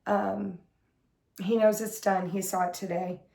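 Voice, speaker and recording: A hoarse woman getting over an illness, with a smoky, husky voice, chatting casually as host of her cross-stitch video in her craft room. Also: mid-range voice, little pitch movement, a little slow, dark tone, reverberant. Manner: rambling, chatty, full of fillers. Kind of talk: casual chat to camera.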